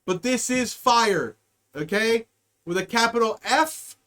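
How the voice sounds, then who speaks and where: A young-adult podcast host rants on a live stream, heavy with profanity and sarcasm. The voice sits mid-range in pitch and jumps between loud bursts and low mutters. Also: lively intonation, slow. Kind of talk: ranting satirical commentary on a live stream.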